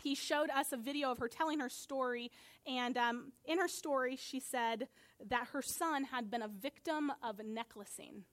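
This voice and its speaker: A woman pastor preaching a sermon, telling a story earnestly and building to emphatic high points. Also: normal speed.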